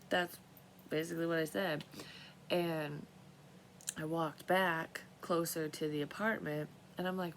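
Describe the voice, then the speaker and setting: A woman's voice: low voice, steady tone, moderate pace, slight background noise, rough recording. A woman telling her dreams in a casual, rambling monologue, swearing freely and often trailing off and restarting. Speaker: vlogger sharing dream readings.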